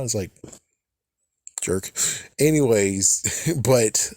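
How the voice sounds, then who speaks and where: A man's voice: fairly low pitch, takes it slowly, a little mellow. A man giving a casual, rambling recap of a TV episode. He swears often and laughs at his own jokes. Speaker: TV episode reviewer.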